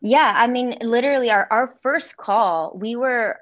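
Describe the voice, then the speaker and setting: A woman guest speaking in a heartfelt way, filling pauses with "like" and "you know," over dull, dry remote-call audio. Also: a little high, dry recording. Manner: heartfelt, with many fillers. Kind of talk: interview.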